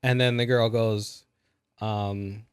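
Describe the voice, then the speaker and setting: A man's voice: on the low side, little pitch movement, takes it slowly, clear, resonant tone, dry recording, clean studio sound. A man co-hosting a podcast, recapping a movie in a rambling, casual way with lots of fillers. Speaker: podcast co-host. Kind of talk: casual movie review chat.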